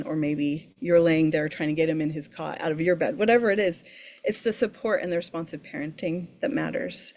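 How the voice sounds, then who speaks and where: A woman's voice: low voice, a little mellow. A woman sleep coach as a podcast guest, speaking earnestly and emphatically, often repeating words as she thinks. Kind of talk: podcast interview.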